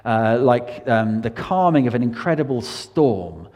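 A man's voice: medium pitch, lively intonation, unhurried, a little mellow, big-room sound, highs cut off. A man preaching an earnest sermon in a church, his voice rising and falling for emphasis.

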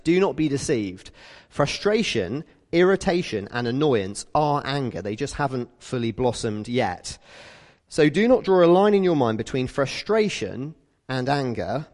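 Lively British man preaching in a hall. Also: mid-range voice. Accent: British English. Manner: lively storytelling, acts out quoted people. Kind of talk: conversational sermon.

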